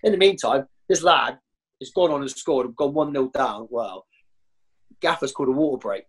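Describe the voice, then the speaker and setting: A man, a former professional footballer, telling rowdy stories as a guest and jumping high in pitch when he acts out other people. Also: normal speed, breathy edge. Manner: animated, jumps high when acting out others. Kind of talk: anecdotal storytelling.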